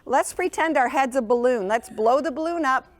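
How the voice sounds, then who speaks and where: Speaking at a moderate pace, this sleep program presenter guides a class of small children through a lesson in a school classroom. Her voice sits somewhat high, and she encourages them in a sing-song way while frequently checking they're with her.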